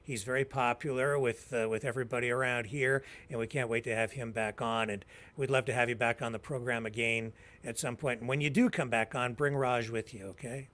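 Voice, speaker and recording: A man's voice: medium pitch, brisk. Chatty man hosting a call-in show. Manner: relaxed, chatty, reads out phone number. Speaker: talk show host.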